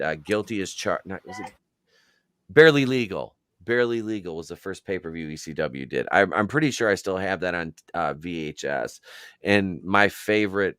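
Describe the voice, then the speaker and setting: A man's voice: sits low, a bit bright, clear, resonant tone, dry recording, clean studio sound. A man co-hosting a podcast in casual chat. He rambles, swears constantly and acts out what people said. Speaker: podcast co-host.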